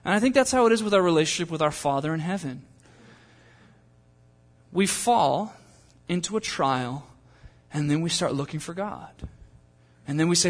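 High-voiced man preaching in a reverberant hall. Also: animated, normal speed, pauses often. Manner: conversational preaching, rising to impassioned pleas. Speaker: pastor. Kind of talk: sermon.

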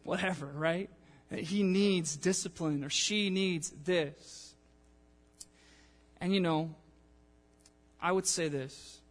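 High-voiced young male preacher in a church. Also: slow pace, pauses often. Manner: animated, conversational, acts out quotes. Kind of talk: sermon. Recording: long church-hall reverb.

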